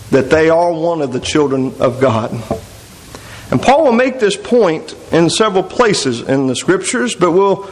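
Male pastor, high-pitched, expository sermon that quotes scripture. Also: low-quality recording. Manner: expository preaching, reading scripture aloud.

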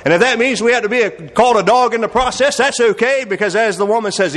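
Preacher, male, high voice, homespun delivery that asks the listeners a lot of questions, booming church-hall echo. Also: quick pace, hardly any pauses, fairly bright tone. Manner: folksy, conversational, many rhetorical questions. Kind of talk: sermon. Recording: long reverb of a large hall.

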